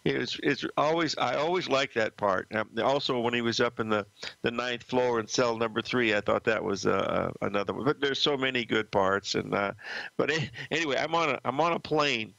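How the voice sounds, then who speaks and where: Older male market host: folksy, rambling, dry close sound, gravelly edge. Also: medium pitch, moderate pace, a bit bright, no echo, lo-fi sound. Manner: rambling, folksy, many fillers. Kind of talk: casual market commentary with stories.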